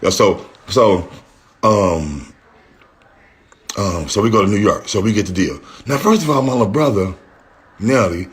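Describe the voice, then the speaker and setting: A middle-aged man with a lowish voice talks into his phone on a livestream. He rambles in a heated way, full of slang and swearing. When he quotes people to mock them, his voice jumps higher. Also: animated, measured pace, pauses often. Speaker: rapper responding on a livestream. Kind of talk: casual livestream rant.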